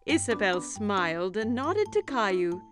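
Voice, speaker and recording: Expressive woman narrating a children's cartoon. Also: medium pitch, unhurried, music in the background. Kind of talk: scripted storybook narration.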